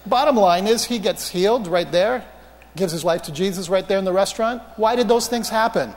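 Man, high-pitched voice, preaching, anecdotal and joking, echoing hall. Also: brisk. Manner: anecdotal, animated, self-mocking humor. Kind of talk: storytelling sermon.

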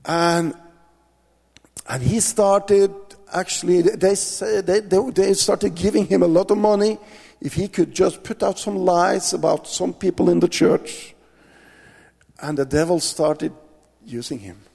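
A man gives an earnest church testimony, his voice pitched high for a man and edged with gravelly fry. He speaks slowly and keeps stopping to restart his sentences. Everything rings in a long hall reverb. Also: a little mellow. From Norway. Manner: earnest storytelling with many restarts. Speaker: missionary preacher.

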